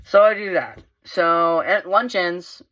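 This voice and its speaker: A teenage boy chatting straight to the camera in a loose, storytelling way. He rambles, doubles back and fills pauses with "like" and "um", and his pitch jumps up whenever he gets worked up. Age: teens. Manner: rambling, with many fillers and restarts; animated, voice rising when excited. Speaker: vlogger. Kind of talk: casual storytelling.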